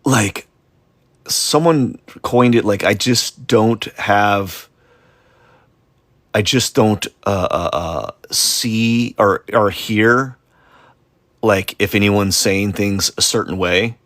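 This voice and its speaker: During a live drawing stream, a man chats casually while sketching, rambling and putting himself down, with lots of fillers and false starts. His voice is on the low side and fairly bright, and he speaks at a slow pace. The recording is dry.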